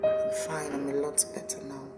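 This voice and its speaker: A woman playing a hurt young woman who speaks hesitantly and quietly. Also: low voice, little pitch movement, moderate pace, lightly acted. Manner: hesitant, subdued. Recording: roomy, music underneath.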